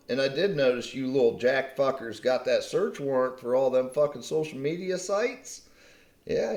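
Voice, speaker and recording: A man delivers an angry, profane rant straight at his audience, mocking and combative. His voice sits a little high. The room around him rings with a noticeable echo. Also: fairly bright tone. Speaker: channel host. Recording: roomy echo.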